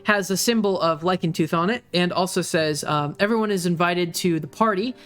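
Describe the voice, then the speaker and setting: A man narrating as game master, pausing often with fillers as he describes what happens. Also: high-pitched, a bit bright, soft background music. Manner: hesitant, many fillers while narrating.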